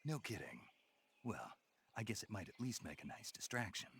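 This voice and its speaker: Snake, a gravelly soldier. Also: male voice, fairly low pitch, moderate pace, a little hiss or hum, exaggerated voice. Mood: dry. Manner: dry deadpan humor. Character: gruff male soldier on a jungle mission. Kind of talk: game cutscene dialogue.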